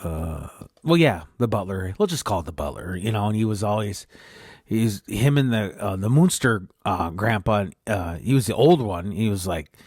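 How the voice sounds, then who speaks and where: A man's voice: lowish voice, lively intonation, moderate pace, a little mellow, husky, dry recording, clean studio sound. A man hosting a podcast, rambling through a made-up story and often correcting himself. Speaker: podcast host.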